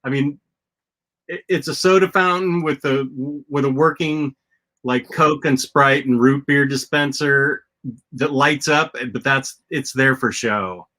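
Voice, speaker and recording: A man's voice: mid-range voice, unhurried, sharp tone. A man hosting a casual chat show, rambling with lots of restarts and fillers. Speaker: podcast host.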